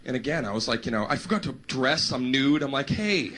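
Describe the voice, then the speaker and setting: A man doing a stand-up routine, animated and jumping into squealing voices. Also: medium pitch, fast, a crowd in the background. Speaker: stand-up comedian. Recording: noisy live stand-up recording.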